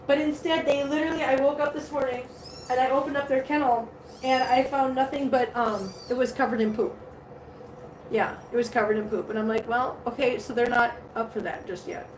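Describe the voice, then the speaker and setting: A woman's voice: high-pitched, steady tone, a little fast. A woman hosting a casual live stream from her home, chatting to viewers about her cats and laughing often. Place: home living room. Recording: roomy home sound with faint background hiss.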